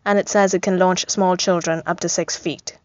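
A woman's voice: lowish voice, fairly even intonation, moderate pace, a little mellow, no room sound, close to an everyday voice. A dry-humoured young soldier, fond and patient, as a woman narrator puts him on. The sound is slightly dull and completely dead. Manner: dry, affectionate. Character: gentle young soldier caring for a baby.

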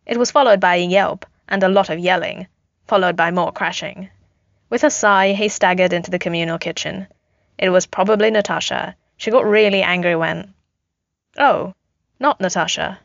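A woman's voice: on the low side, normal speed, gravelly, a bit bright, no room sound. Podfic reader, woman, wry narration; dull, dry home recording. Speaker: fanfiction audiobook reader. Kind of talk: audiobook narration.

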